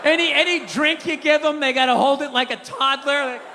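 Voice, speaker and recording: High-voiced man ranting on a stage. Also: fairly even intonation, fairly quick. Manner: profane ranting with shouted bursts. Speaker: stand-up comedian. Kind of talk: stand-up comedy. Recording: echoey hall, live crowd, background noise.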